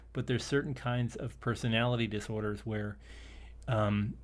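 A man co-hosting a casual discussion, rambling with many restarts and laughing easily. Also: medium pitch. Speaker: podcast co-host. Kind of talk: casual discussion of an old TV episode.

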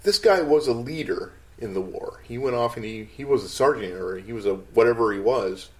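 A man's voice: medium pitch, brisk. A man co-hosting a casual podcast, talking through an old film scene and laughing often. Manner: animated, laughs often, quotes film lines. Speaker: podcast co-host.

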